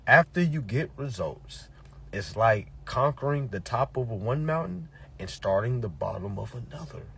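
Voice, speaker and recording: A man's voice: medium pitch, lively intonation, measured pace, fairly bright tone, breathy edge. A man giving a preachy motivational talk to his followers, emphatic and repetitive, with blunt profanity. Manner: emphatic, repetitive, peppered with "all right?" and profanity. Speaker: motivational speaker.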